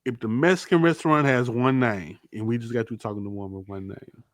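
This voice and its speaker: A man's voice: medium pitch, fairly even intonation, brisk, no room sound, studio quality. A man hosting a podcast in casual chat, playfully running through a list with mock-serious verdicts. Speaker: podcast host.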